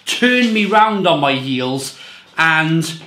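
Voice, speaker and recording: A man talks through a beer review in a loose, rambling way, circling back and repeating phrases to drive his points home. His voice sits a little high. The room around him rings with a noticeable echo. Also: lively intonation, drawn-out words, bright, forceful tone. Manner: rambling, repeats himself, emphatic. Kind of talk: casual review monologue.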